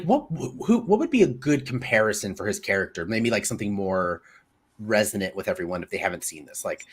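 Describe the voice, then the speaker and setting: A man co-hosting a casual movie review chat, rambling and searching for words with lots of fillers. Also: mid-range voice. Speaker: podcast co-host.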